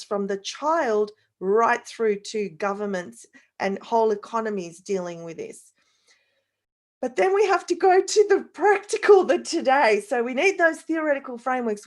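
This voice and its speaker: A woman with an Australian accent, speaking as a panelist in an online discussion, earnest and structured. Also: fairly high pitch. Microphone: video call.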